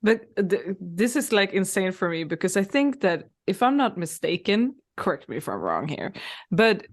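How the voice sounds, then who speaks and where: A woman with a mid-range voice hosts a relaxed podcast conversation. She asks probing questions and laughs readily at her guest's stories. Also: mid-range voice, normal speed. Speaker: podcast host. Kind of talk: casual interview.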